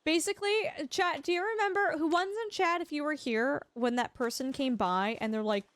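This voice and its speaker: A woman's voice: high-pitched, a little fast, a bit bright, no echo. A woman streamer chatting casually while gaming, telling rambling stories and laughing often. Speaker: Twitch streamer.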